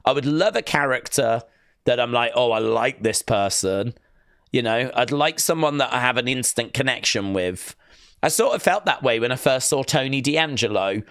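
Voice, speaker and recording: A man's voice: mid-range voice, expressive, normal speed, a bit bright, dry recording, clean studio sound. A man hosting a casual live watch-along stream, chatting loosely and reading viewer comments aloud.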